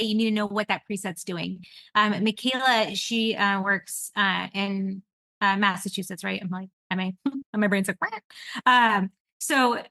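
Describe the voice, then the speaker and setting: A woman hosting a podcast in casual chat, rambling and animated, laughing often as she talks. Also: medium pitch, no room sound. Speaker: podcast host.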